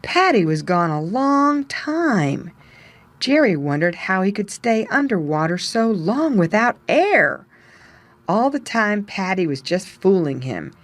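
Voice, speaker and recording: A woman reading a children's animal story aloud in clear, measured narration. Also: medium pitch, sing-song.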